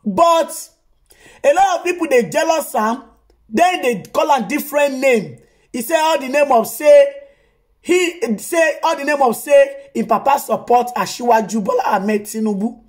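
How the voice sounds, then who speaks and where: A woman with a Nigerian Pidgin accent gives casual commentary on her own vlog. Her voice is high, and she talks in an exclamatory way, rounding off her lines with emphatic tags. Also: expressive, measured pace, darkish tone. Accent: Nigerian Pidgin English. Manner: exclamatory, ends phrases with "o". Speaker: vlog host reacting to news.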